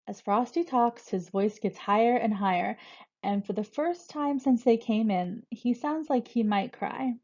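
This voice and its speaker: A woman reading a novel aloud in a plain, even way. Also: fairly high pitch, measured pace. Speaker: reader. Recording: dull lo-fi recording.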